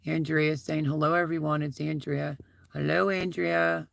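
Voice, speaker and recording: A man hosts a casual live stream from inside his SUV, thanking viewers again and again and wandering from one story to the next. His voice is heavily gravelly with deep fry and sits a little high for a man. The sound is dry and close, with no room around it. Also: level tone, a little slow, fairly bright tone, no room sound. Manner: rambling, chatty, repeats thanks.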